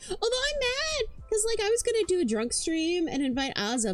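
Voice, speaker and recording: A high-pitched woman streams with huge swings in pitch, talking briskly with few pauses as soft music plays. Her casual, rambling chat is full of swearing, stammers and repetition, and she comes across as both hyper and exhausted.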